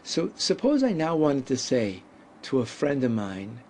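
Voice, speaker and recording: A man gives a language lesson at a very unhurried pace, stretching out each word and leaving space for listeners to answer. His pitch sits in a middle range, and a faint hum of room noise lies under his voice. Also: huge pitch swings, darkish tone. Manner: deliberate, drawn-out pronunciation with pauses. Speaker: Hebrew teacher. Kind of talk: slow, patient language lesson.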